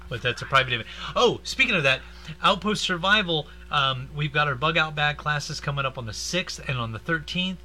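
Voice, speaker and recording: A man's voice: a little high, animated, a little fast, bright, forceful tone. A man in casual chat, telling a rambling joke and laughing at his own lines. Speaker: comedian.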